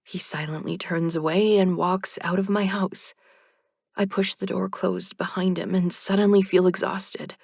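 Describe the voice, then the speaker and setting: A woman narrating a first-person audiobook in a measured, even way. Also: on the low side, creaky, slightly rough, dry recording, clean studio sound.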